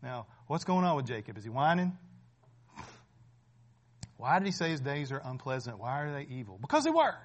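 A man in his forties preaching a sermon in a conversational way, often asking "right?" and building to loud, emphatic peaks. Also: mid-range voice, sing-song, moderate pace, long pauses. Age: 40s.

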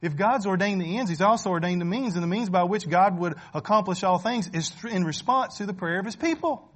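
Man preaching in a higher register. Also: fairly quick, a bit bright. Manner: rhetorical questions, often checking in with "right?"; repeats phrases for emphasis, conversational. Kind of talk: sermon.

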